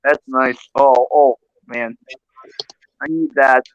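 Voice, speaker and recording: A man's voice: medium pitch, steady tone, takes it slowly. A man in a casual group chat, talking in a wry, teasing way. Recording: dull lo-fi audio.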